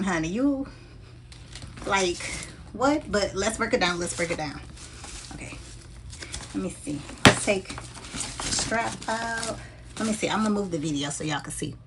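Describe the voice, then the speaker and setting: Woman vlogger, mid pitch, chatty and animated, talks to camera, faint background noise. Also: moderate pace, pauses often. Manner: chatty and animated, talks straight to her viewers. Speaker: handbag vlogger. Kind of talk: casual unboxing chat to viewers.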